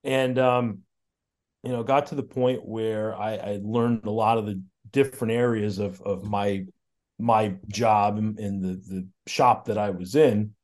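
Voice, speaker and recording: A man's voice: fairly low pitch, steady tone, measured pace, a little mellow. Middle aged connecticut guy on a podcast, chatty, lots of repeats and little laughs. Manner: chatty, repeats words, chuckles often. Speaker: podcast guest, auto shop owner. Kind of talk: casual storytelling interview.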